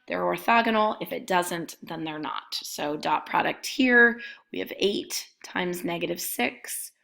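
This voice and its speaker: A woman's voice: lowish voice, gravelly, a bit bright. A woman math instructor giving a recorded lecture, methodically talking through each step as she writes it out.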